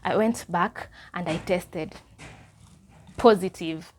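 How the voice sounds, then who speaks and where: A young Kenyan woman with a Kenyan accent telling a personal story in a casual, animated way, slipping Swahili phrases into her English. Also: on the low side, slow, a little hiss or hum. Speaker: vlogger.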